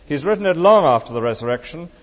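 A male preacher delivers an emphatic sermon, his slightly high voice rising and falling in a very lively way. He presses the congregation with rhetorical questions. The recording is dull and lo-fi, with a long hall reverb trailing behind him. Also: quick pace.

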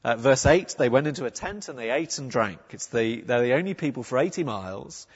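A man delivers a sermon in a conversational, earnest way, often restarting his phrases. His voice is slightly husky, and it comes through a dull, muffled recording. A long reverb from the church trails behind him. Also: medium pitch, animated, brisk. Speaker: preacher.

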